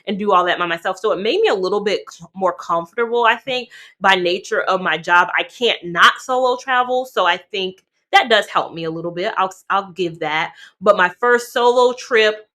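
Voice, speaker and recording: Chatty, bright-voiced woman vlogger. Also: medium pitch, moderate pace. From North Carolina, USA. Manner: chatty, animated, talks to viewers directly. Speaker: travel vlogger. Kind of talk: casual chat to camera.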